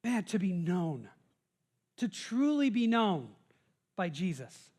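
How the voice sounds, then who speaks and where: A man's voice: high-pitched, sing-song, slow pace, a little mellow. An American man, a pastor, giving a conversational sermon with frequent restarts and repeated words.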